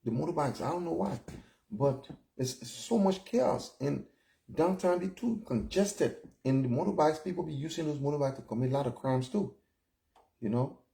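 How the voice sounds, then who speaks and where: A man's voice: a little high, lively intonation, normal speed, creaky, mellow. A man in his fifties from Liberia, with a Liberian English accent, giving casual opinion commentary in a blunt, chatty way that keeps checking in with "all right?" and "you know?". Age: 50s. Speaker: vlogger.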